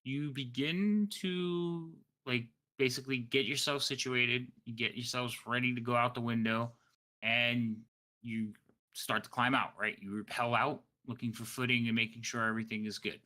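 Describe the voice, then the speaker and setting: A man's voice: medium pitch, fairly even intonation, moderate pace, pushed and bright. A man narrating as game master, tired late at night, rambling and correcting himself as he goes.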